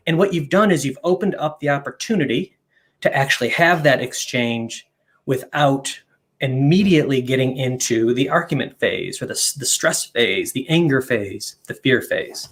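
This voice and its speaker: A man's voice: fairly high pitch, fairly bright tone. A man guesting on a live stream, earnestly explaining ideas and listing them in long runs. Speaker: guest, company co-founder.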